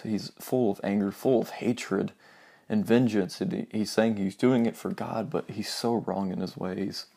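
Gravelly low-voiced man preaching earnestly. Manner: earnest, drops to soft near-whispers for emphasis. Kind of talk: informal sermon with Bible reading.

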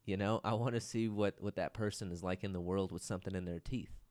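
Rambling, low-voiced man hosting a podcast. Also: steady tone, fast talker, darkish tone. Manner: rambling and self-mocking, swears and says "dude" often. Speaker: podcast host. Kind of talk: casual solo podcast monologue.

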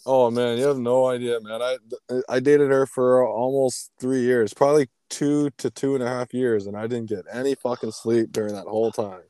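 A man's voice: mid-range voice, level tone, normal speed, few pauses, dark tone, clear, resonant tone, dry recording. A young man in casual chat, telling about a past relationship in an earnest, profane way.

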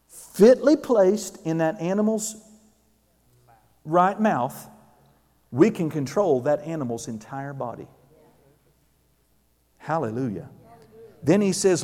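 A man preaching a sermon, animated, acting out quotes and rising to shouts. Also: high-pitched, takes it slowly, pauses often. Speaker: pastor. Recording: long hall reverb.

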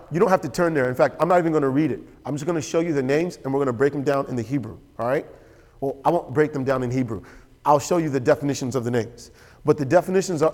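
A man preaching a sermon as pastor, animated and storytelling. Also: fairly high pitch. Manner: animated, storytelling with quoted voices and laughter. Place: church sanctuary. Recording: church hall with long reverb.

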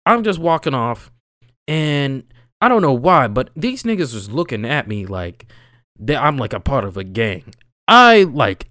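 Young man, casual storyteller, lively pitch, slangy, dry close sound. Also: dry recording. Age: young adult. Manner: animated, slangy, swings between loud and low.

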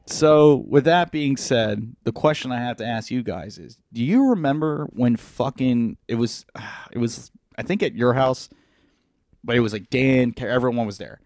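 A man hosting a podcast, telling a crude story in casual, animated chat. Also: mid-range voice, moderate pace, no room sound. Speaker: podcast host.

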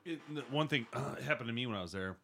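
A man co-hosting a podcast, telling stories in a casual chat with a laughing, lively delivery. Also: quick pace. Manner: lively, laughing storyteller with wide pitch swings. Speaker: podcast co-host.

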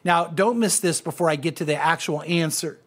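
A man's voice: on the high side, moderate pace. A man, a pastor, giving an earnest, conversational Bible teaching and speaking directly to his listeners.

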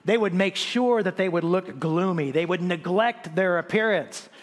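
High-voiced pastor preaching in a reverberant hall. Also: male voice. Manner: animated preaching with frequent restarts and rhetorical questions. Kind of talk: sermon.

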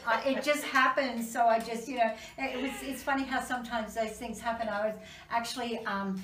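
A woman who works as an animal communicator and medium, talking casually in an animated, storytelling way with many restarts. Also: on the high side, fairly quick. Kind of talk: casual conversation. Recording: roomy, distant mic with faint background noise.

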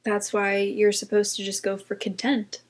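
A woman's voice: medium pitch, little pitch movement, normal speed. A young woman co-hosting a podcast, chatting casually and reflecting on her friend's story. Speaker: podcast co-host. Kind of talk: casual chat.

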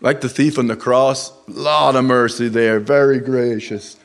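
A lay preacher with a steady, gravelly, mid-range voice delivers a sermon during a church service. Earnest and plain-spoken, he halts and restarts, lifting his emphasis on lines of Scripture.

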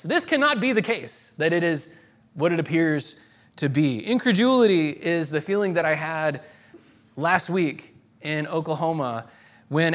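A man's voice: fairly high pitch, a bit bright. A man. He talks conversationally, trips and restarts often, and lifts his voice sharply when he voices a quoted line. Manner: dramatic reading of quotes with rising voice. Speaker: preacher. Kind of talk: sermon.

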